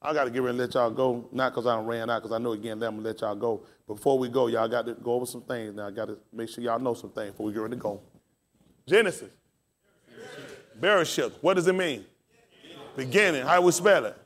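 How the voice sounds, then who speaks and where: A man's voice: mid-range voice, fast talker. A man pastor preaching and teaching scripture, calling out questions to his congregation and spelling words aloud.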